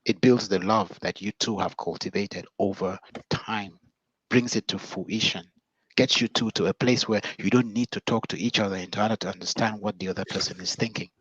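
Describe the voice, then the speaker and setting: A man working as a relationship coach, talking about communication in a measured, preacherly, reflective way. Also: fairly low pitch, fairly even intonation, a bit bright, slightly rough, no echo. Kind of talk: motivational advice talk. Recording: dull, dry lo-fi sound.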